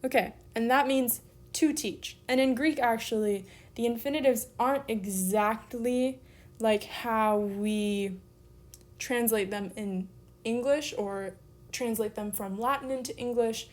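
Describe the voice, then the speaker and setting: Young female teacher, slightly high voice, slow and casual, talks through each step. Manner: casual, explains step by step while sounding out words. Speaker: Greek teacher. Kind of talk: recorded online lesson.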